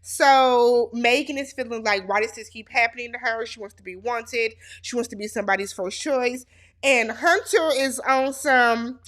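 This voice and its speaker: A woman's voice: a little high, normal speed, bright, forceful tone. A woman hosting a casual reality show recap, sassy and speaking straight to the cast as if they could hear her.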